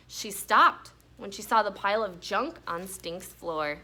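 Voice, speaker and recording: Brief: expressive woman teacher reading aloud to kids, slow and unhurried, slightly high voice. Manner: expressive, deliberate storytelling. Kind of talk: children's book read-aloud.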